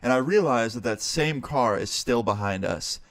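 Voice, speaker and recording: A man's voice: medium pitch, animated, moderate pace, no room sound. A young man, a streamer, casually telling a story and swearing now and then. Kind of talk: storytime narration.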